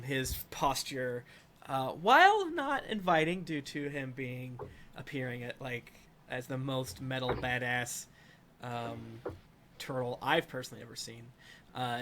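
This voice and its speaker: Bright-voiced man narrating as dungeon master. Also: medium pitch, slight background noise. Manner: rambling, full of fillers. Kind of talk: narrating a tabletop game.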